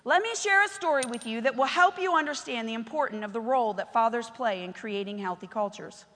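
A woman's voice: fairly high pitch, brisk. Impassioned woman preaching in a hall. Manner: impassioned, swinging from hushed to shouted, acting out quoted voices. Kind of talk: sermon. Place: church.

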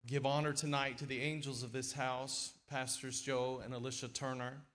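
A middle-aged man preaching a sermon in a church, folksy and lively, with sudden loud, emphatic swells. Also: medium pitch, moderate pace. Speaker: guest preacher. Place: church sanctuary.

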